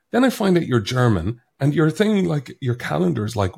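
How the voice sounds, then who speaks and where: A man's voice: mid-range voice, brisk, creaky, hardly any pauses. A man with an Irish accent, a guest author chatting in a casual podcast interview, telling stories animatedly while getting over a cold. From Ireland. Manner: animated storyteller, acts out quoted lines. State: sick with a cold.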